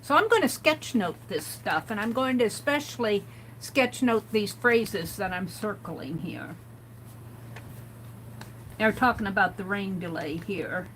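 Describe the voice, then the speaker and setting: A woman's voice: medium pitch, expressive, measured pace, a bit bright, a little hiss or hum, low-quality recording. A woman hosting a casual art livestream, chatting and reading quotes aloud with amused comments. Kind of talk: casual craft livestream chat.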